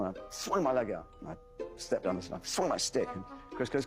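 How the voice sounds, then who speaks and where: A man, an actor, recalls filming in animated storytelling and acts out the quotes. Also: medium pitch, fairly quick, gravelly, music in the background. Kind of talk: anecdotal storytelling with quoted dialogue.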